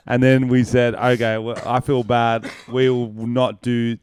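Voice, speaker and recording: A man's voice: medium pitch, level tone, measured pace, hardly any pauses, darkish tone, clear, resonant tone. A man hosting a podcast, teasing his guests and laughing often. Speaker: podcast host. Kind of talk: casual podcast chat.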